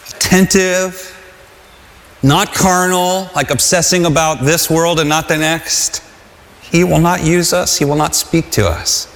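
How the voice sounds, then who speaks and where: Earnest man preaching in a reverberant hall. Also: fairly high pitch. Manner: earnest, conversational, with shouted cries and halting restarts. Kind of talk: sermon.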